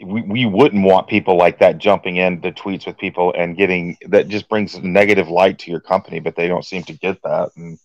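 A man's voice: low voice, fairly even intonation, a little fast, few pauses, no echo, muffled recording. A man co-hosting a podcast, chiming in emphatically in casual chat. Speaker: podcast co-host.

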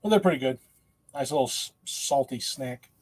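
A man's voice: mid-range voice, animated, moderate pace, a little mellow, slightly rough. A man hosting a casual livestream, rambling in a folksy, self-mocking way and laughing often. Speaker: host.

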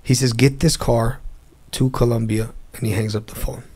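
A man's voice: medium pitch, steady tone, normal speed, a little mellow, slightly rough. A man, a guest in a casual interview, telling a long story and acting out the phone calls in it. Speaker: interview guest, car dealer.

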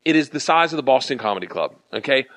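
A man's voice: medium pitch, fast. A middle-aged male comedian telling a profane story as a podcast guest, acting out the crowd's chants as he goes. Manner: animated, profane, acts out chants.

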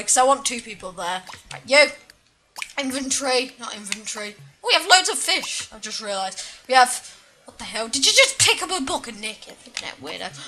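A woman's voice: a little high, pushed and bright. A woman giving casual, chatty let's-play commentary, mocking herself and exclaiming at the game. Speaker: gaming channel host.

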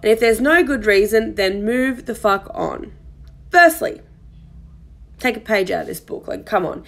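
A woman's voice: mid-range voice, lively intonation, a little slow, gravelly. A young woman hosting a podcast, commenting in a chatty, exasperated way with many fillers. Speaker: podcast host. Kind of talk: casual commentary monologue.

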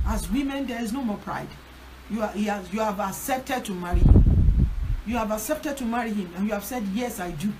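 A woman pastor presses her points home on a prayer line, repeating them with emphasis. Her voice sits a little high. A loud hiss of background noise runs under the whole recording. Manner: emphatic, repetitive exhortation. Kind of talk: teaching talk on a prayer line.

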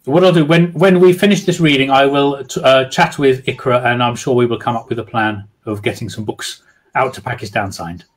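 Husky man reading a story aloud. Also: mid-range voice, fairly quick. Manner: expressive, dramatic storytelling. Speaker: author reading to children. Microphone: video call.

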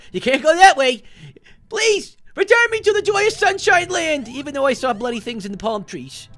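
A man's voice: very high voice, full character voice. A man voicing a jittery, wisecracking talking orange who hosts cartoon game commentary, yelping and joking as he plays. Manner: jumpy, yelps and shouts when startled, jokey asides. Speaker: gaming host. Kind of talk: cartoon let's-play commentary.

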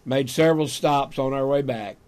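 An older man, hosting a talk show and telling a folksy personal story, growing animated when he quotes himself. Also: medium pitch, moderate pace. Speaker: radio talk show host. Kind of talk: storytelling monologue.

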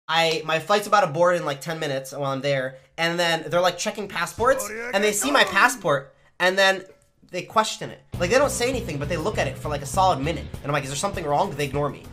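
Young man, streamer, casual storytelling, animated, heavy swearing, music behind. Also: fairly high pitch, fast talker.

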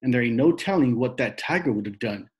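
A man reading aloud and voicing a fervent, devout older woman who calls out loudly and firmly. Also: expressive, fairly quick, natural voice. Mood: matter-of-fact. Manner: shouting praise, raised pitch.

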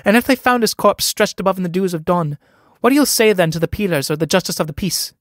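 A sharp-tongued young tavern girl, teasing and scornful, as a man reads her part aloud from a stage play. Her voice sits fairly high and cuts with impatience. The sound is close and dry. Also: animated, quick pace, dry recording.

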